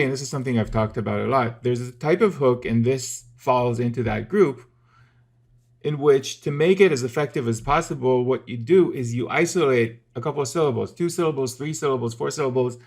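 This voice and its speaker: A man's voice: mid-range voice, moderate pace. A man teaching music theory in a casual, methodical video lesson, explaining step by step with the odd filler.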